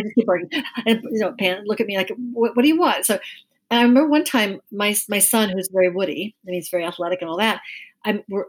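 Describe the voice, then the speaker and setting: A middle-aged woman with a soft, gentle voice, a guest chatting casually in an interview and telling stories with frequent laughs. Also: medium pitch. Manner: chatty storyteller, laughs often. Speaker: guest, Chinese medicine practitioner.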